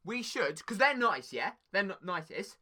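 Giggly woman, bright and lively. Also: mid-range voice, moderate pace. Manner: giggly, stumbling over words. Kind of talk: improvised comic storytelling.

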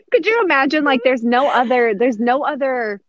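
Recapping a sitcom episode, a podcast co-host in her thirties chats loosely, laughing often and using lots of fillers. Her voice sits high with a fairly bright tone, and there's no room sound.

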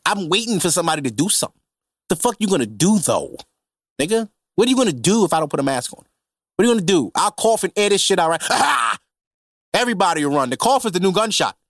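Animated and profane, a podcast host launches into a comedic, casual rant packed with slang. He talks at a quick pace in a high voice, with no room sound.

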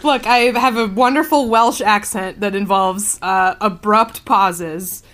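A woman on a podcast who talks slowly and unhurriedly. She laughs often and pauses as she works through a story, speaking into a remote call mic. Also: mid-range voice, fairly bright tone. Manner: amused, laughs often, halting when reading. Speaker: podcast co-host. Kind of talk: casual comedic chat, reading out stories.

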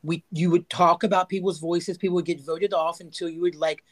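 A man's voice: fairly high pitch, flat delivery, fairly quick. A man hosting a podcast, thinking aloud in a rambling casual way with many fillers. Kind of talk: casual chat.

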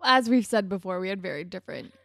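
A woman's voice: mid-range voice, lively intonation, fast, gravelly, fairly bright tone, no echo. A young woman co-hosting a podcast, telling chatty, self-mocking stories while recapping a show. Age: young adult. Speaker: podcast co-host. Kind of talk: casual recap chat.

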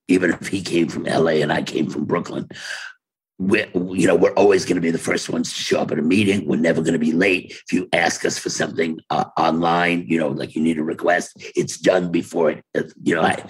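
Calling in by video from his home office, an older man with a New York accent, a playwright and actor being interviewed, spins casual, wry stories. He rambles and cuts himself off along the way. His deep voice is breathy, and the audio is poor.

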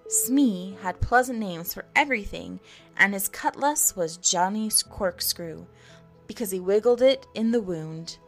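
A woman narrating a storybook in an expressive, measured reading. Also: mid-range voice, faint music behind.

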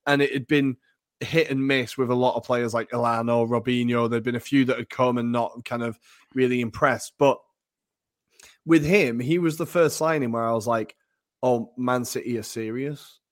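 A man's voice: mid-range voice, steady tone, moderate pace, no room sound. Guy on a football podcast, rambling with lots of "like" and "kind of", dry close mic. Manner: chatty, hedging with fillers and frequent laughs. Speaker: podcast co-host. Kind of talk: casual football chat.

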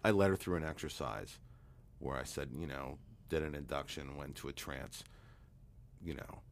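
A man, a hypnotherapist guest, telling a long anecdote in a relaxed, rambling way with many fillers. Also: a bass voice, moderate pace, creaky. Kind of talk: storytelling interview talk.

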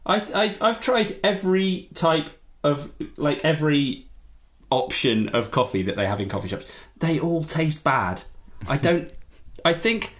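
A man guesting on a podcast, ranting in an animated, jokey way during casual chat. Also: on the high side, measured pace.

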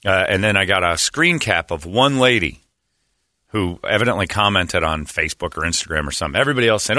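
A man's voice: deep voice, fast talker, no echo, clean studio sound. A man hosting a radio show, telling a story casually and acting out the voices of the people in it. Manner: animated storyteller who acts out quoted voices. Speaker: radio host.

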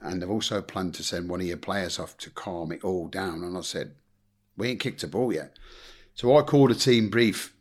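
Deep-voiced blunt English storyteller man. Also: normal speed. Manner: blunt anecdotal storyteller, swears, acts out quotes. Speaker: guest, former football manager. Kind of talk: casual storytelling interview.

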